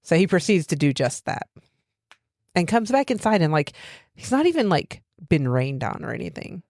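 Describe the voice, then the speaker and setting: A woman's voice: lowish voice, big pitch swings, moderate pace, a little mellow, no echo, studio quality. Giggly woman co-host recapping a film. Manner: rambling, giggly, many "like" fillers. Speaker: podcast co-host. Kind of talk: casual chat recapping a film.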